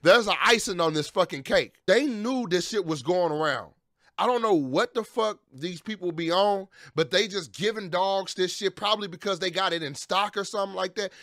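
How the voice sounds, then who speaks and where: Angry vlogger dad, high voice, dry close sound, profane rant full of restarts. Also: male voice, moderate pace, a bit bright, no echo. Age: adult with children. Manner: heated, profane, repeats and restarts phrases.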